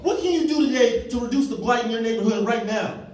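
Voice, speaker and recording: A man, giving an animated motivational talk on stage and acting out the people in his stories. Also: very high-pitched, fast talker, soft background music. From Chicago, USA. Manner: animated storytelling, acting out quotes. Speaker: community organizer and speaker. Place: large hall on stage. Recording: echoey hall, from far off, faint noise.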